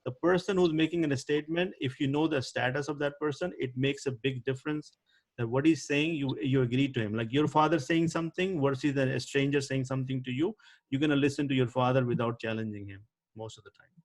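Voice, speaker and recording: A man's voice: mid-range voice, a little fast. A man teaching Arabic grammar in an online class, explaining patiently and often checking if students follow.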